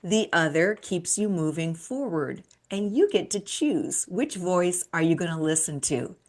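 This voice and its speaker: A woman's voice: on the low side, lively intonation, a little slow. A woman in her fifties hosting a solo motivational talk, earnest and encouraging, asking the listener rhetorical questions. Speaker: midlife coach and show host.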